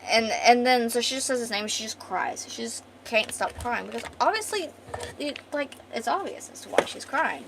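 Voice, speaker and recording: A woman's voice: fairly high pitch, lively intonation, moderate pace, a bit bright, slight background noise. A woman streamer chatting casually with viewers while retelling and reading a comic aloud, full of fillers and restarts.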